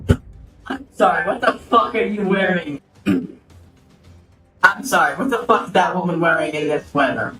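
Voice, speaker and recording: A man's voice: sits high, normal speed, pauses often. Rambling, swearing male game streamer. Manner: rambling, swearing, self-interrupting. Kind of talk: casual gameplay commentary. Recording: roomy, distant mic, faint music.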